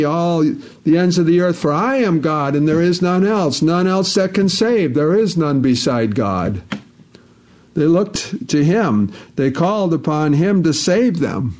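A man's voice: on the high side, darkish tone. A man preaching a sermon, emphatic and repetitive, quoting scripture at length.

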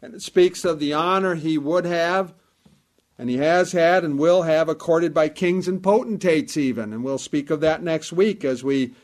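A man delivers a sermon in a measured, emphatic cadence, his voice sitting a little higher than most men's. He returns to key phrases again and again, weighing each one. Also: darkish tone. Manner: measured, emphatic preaching with repetition. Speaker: preacher.

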